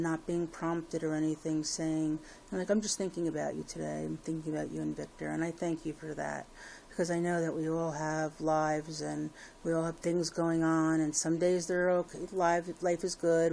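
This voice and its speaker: A woman talks to her viewers in a low, gravelly voice that stays fairly flat and even. She rambles through her update with many fillers and restarts. A faint hiss of noise sits under the recording. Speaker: vlogger. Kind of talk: casual personal update to viewers.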